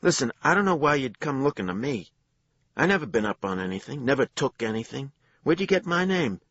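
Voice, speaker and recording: A man's voice: medium pitch, very animated, brisk, fairly bright tone, no echo, lo-fi sound, pitched above the performer's own voice. Man doing an anxious male laundry worker. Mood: worried. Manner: anxious, protesting. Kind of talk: audiobook character voice.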